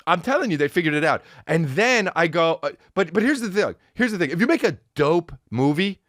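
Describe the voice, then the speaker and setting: Man, podcast host, casual comedic rant, profane, rambling, lively pitch, dry close sound. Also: a little fast, dry recording. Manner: rambling, profane, animated, breaks into sung snippets.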